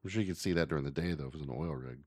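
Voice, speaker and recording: Male podcast host, very low voice, rambling and jokey delivery. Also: very fast, darkish tone, dry recording, studio quality. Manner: rambling, joking. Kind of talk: casual podcast chat.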